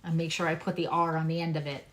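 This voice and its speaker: A woman with a low, level voice talks fast through a casual astrology and tarot reading. Originally from Long Island, she speaks neutral American now, and she emphasizes and repeats key phrases while tossing in chatty asides.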